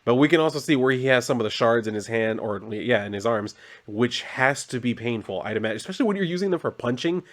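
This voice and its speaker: A man's voice: medium pitch, expressive, fast. A man casually recapping a comic book, rambling with filler words and side remarks.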